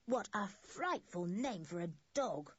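A woman's voice: sits high, animated, normal speed, warm tone, breathy edge, dry recording, dull audio, pitched above the performer's own voice. A woman voicing a scornful, tomboyish schoolgirl in a storybook reading, talking dismissively.

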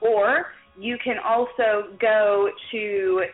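A woman's voice: mid-range voice, fairly even intonation, drawn-out words, faint music behind. A woman hosting a drinking trivia show as quizmaster, talking in a loose, folksy way with lots of ums and uhs. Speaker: game show host and quizmaster. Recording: tinny lo-fi sound in an echoey room.

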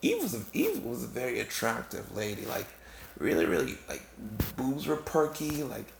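A man's voice: medium pitch, wildly swooping pitch, normal speed, creaky, background noise. A man delivering a rambling comedic monologue, full of asides and restarts. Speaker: comic storyteller. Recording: roomy, with faint background ambience.

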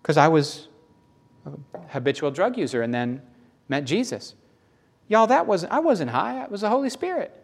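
Guy preaching, gets loud then goes real quiet, repeats stuff for emphasis. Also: high-pitched, sing-song, moderate pace, creaky, pauses often. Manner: emphatic, repeats phrases, swings between loud and hushed. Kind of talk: sermon.

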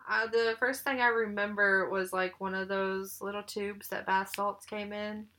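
A woman's voice: medium pitch, little pitch movement, a little slow, pushed and bright. A young woman as a podcast guest, dry and hesitant, trailing off as she answers. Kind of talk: casual chat.

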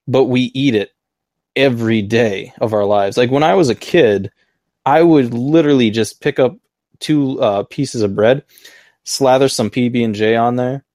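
A man's voice: mid-range voice, darkish tone, no room sound, studio quality. An American man hosting a casual video-call chat, easygoing and chatty. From United States. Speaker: podcast host.

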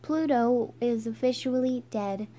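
A woman's voice: on the high side, unhurried, warm tone, a little hiss or hum, natural voice. A woman voicing a bossy second-grade girl with a stern, scolding manner while reading a storybook aloud.

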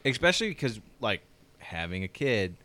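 A man's voice: lowish voice, big pitch swings, moderate pace, pushed and bright. A man in casual chat, chiming in and agreeing.

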